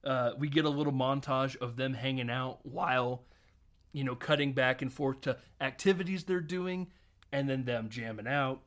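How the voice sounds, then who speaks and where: A man co-hosting a casual film podcast, retelling scenes in an animated way with quick impressions and frequent laughs. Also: mid-range voice. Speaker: podcast co-host.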